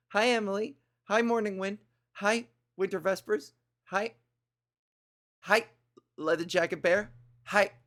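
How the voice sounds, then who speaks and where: A woman's voice: mid-range voice, a bit bright. A woman hosting a comedy livestream, chatting casually with viewers in a rambling, crude, playful way. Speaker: comedy streamer host.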